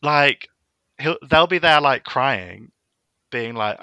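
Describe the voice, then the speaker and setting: A man's voice: medium pitch, lively intonation, slow pace, pushed and bright, smooth, no room sound, highs cut off. A young man co-hosting a podcast, teasing and cheeky in casual chat, swearing freely. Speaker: podcast co-host.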